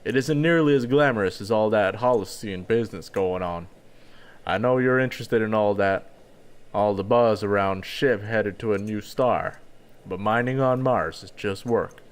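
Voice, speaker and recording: Man reading as a gentle tired farm father. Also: moderate pace, natural voice. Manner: soft, kindly, low-key.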